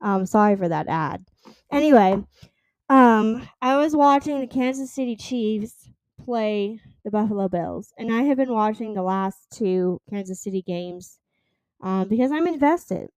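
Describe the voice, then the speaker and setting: A young woman in her twenties talks on her solo podcast in a loose, rambling way, filling gaps with "um" and "like". Her voice is smooth and clean, and the close mic gives a dry sound with no room around it. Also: medium pitch, animated, normal speed, darkish tone, no echo. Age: 20s. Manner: rambling, chatty, lots of fillers and likes. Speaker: podcast host. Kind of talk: casual solo podcast chat.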